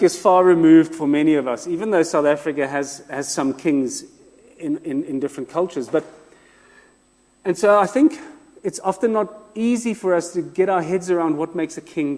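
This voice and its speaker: Preacher man in a reverberant hall. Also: sits high. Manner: expressive, rhetorical repetition, self-deprecating humor. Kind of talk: sermon. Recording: long reverb of a large room.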